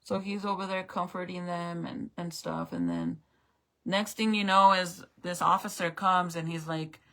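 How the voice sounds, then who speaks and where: A woman's voice: on the low side, lively intonation, unhurried, a bit bright. A woman vlogger recounting a story in casual, emotional chat, swearing freely and saying "like" and "bro" a lot. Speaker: makeup vlogger.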